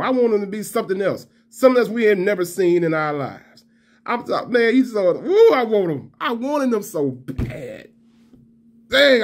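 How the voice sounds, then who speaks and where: A man giving a fired-up, profane fan rant to camera. He trash-talks and repeats himself. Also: high-pitched. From Alabama fan. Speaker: college football vlogger.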